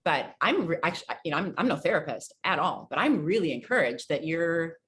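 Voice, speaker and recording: A woman's voice: low-pitched, lively intonation, fairly quick, a bit bright. A woman chatting on a video call as a guest author, earnest and encouraging, frank, with false starts. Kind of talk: casual chat on a video call.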